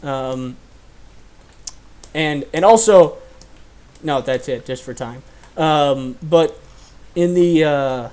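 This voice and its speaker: A man's voice: on the high side, a little mellow. A young man hosting a casual chat, telling stories animatedly and laughing often. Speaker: host.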